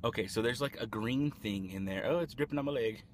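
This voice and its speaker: A mid-pitched man chats his way through a food-tasting vlog, rambling and eating as he talks. His voice sits in the middle of the range, recorded on a camera mic in a fast food restaurant. A faint hum of the place stays behind him. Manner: chatty, rambling, eating while talking. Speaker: vlogger.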